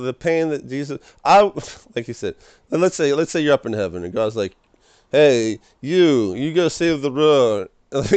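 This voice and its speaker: Young man, mid-pitched, stammering emotional vlog monologue, dry close sound. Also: clear, resonant tone, no echo. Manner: stammering, repeats words, emotional. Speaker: vlogger. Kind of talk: rambling personal monologue. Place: small room, indoors.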